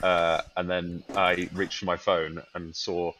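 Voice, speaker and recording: A bright-toned man who has just woken up joins a podcast as a guest. He rambles sheepishly and pokes fun at himself. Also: deep voice, level tone, a little slow. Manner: sheepish, rambling, self-deprecating. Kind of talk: casual chat.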